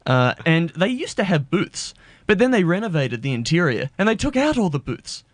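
A man's voice: high-pitched, sing-song, normal speed, dry recording. An Australian man co-hosting a radio show, ranting in a playful, mock-indignant way. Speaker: radio co-host. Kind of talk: casual radio banter.

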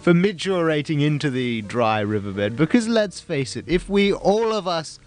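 A man's voice: fairly high pitch, very animated, moderate pace, soft background music. A man co-hosting a comedy radio show, speaking in a pompous, mock-serious way. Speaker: radio co-host.

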